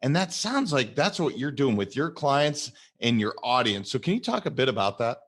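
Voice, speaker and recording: A man hosting a podcast interview, asking long questions and pausing to find his words. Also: medium pitch, sing-song, fairly bright tone. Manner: thoughtful, searching for words, hesitant restarts. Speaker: podcast host.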